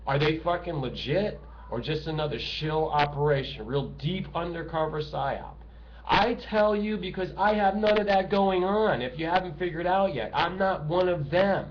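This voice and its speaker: A middle-aged man delivering a bitter, profane monologue to camera, swinging between shouting and hushed talk. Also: a little high. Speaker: political video ranter. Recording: dull lo-fi home recording with noise.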